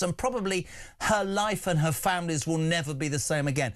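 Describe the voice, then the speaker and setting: A man's voice: high voice, a little fast. A man hosting a breakfast talk show, speaking in an indignant, emphatic way as he gives his opinions. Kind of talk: opinionated radio debate.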